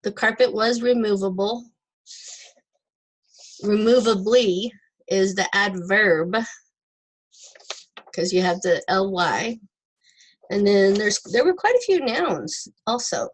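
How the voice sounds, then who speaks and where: A woman teaching English at an unhurried pace, her pitch sitting in a middle range. She works through word forms one at a time and gives a plain example sentence for each. The delivery is deliberate and patient. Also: rough recording. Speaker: ESL teacher. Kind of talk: recorded online lesson.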